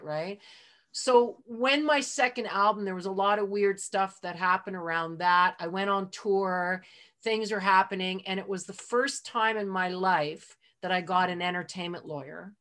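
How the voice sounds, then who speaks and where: A woman's voice: mid-range voice, fairly bright tone. A middle-aged woman, a guest on a podcast, telling stories from her career in a chatty, heartfelt way, full of "like" and "you know". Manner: heartfelt, openly emotional. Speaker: interview guest. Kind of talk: casual storytelling in a podcast interview.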